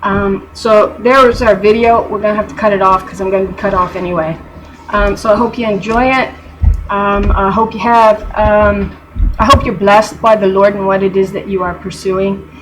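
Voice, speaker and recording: A woman's voice: mid-range voice, steady tone, moderate pace, background noise. A woman teaching from scripture in a video, reading verses aloud and commenting on them emphatically. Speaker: bible teacher.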